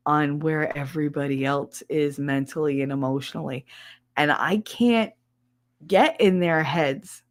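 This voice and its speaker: A middle-aged woman with a thick regional American accent, chatting bluntly and confidingly on a casual livestream, swearing freely. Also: sits low. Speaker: streamer.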